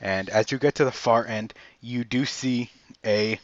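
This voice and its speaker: Guy gming a tabletop game, casual and halting, kinda muffled. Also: medium pitch, no room sound. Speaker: game master.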